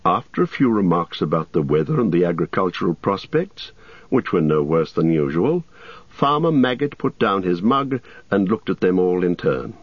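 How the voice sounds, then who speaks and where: Low, husky-voiced male storyteller. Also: no echo. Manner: measured, expressive storytelling. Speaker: narrator. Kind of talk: audiobook reading. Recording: dull, dry close-mic audio.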